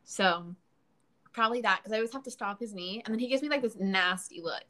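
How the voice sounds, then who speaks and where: A woman's voice: mid-range voice, a little fast, sharp tone. A woman in casual podcast chat, hesitant and full of fillers. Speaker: podcast co-guest.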